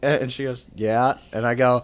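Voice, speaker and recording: A man's voice: mid-range voice, steady tone, moderate pace, smooth. Rambling young man telling stories on a call. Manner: rambling storyteller, swears freely, acts out quoted voices. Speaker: podcast host. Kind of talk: casual chat.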